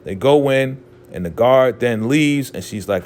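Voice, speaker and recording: A man's voice: mid-range voice, a little slow. A man casually recapping an episode. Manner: animated storytelling, acts out quotes. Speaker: show recap host.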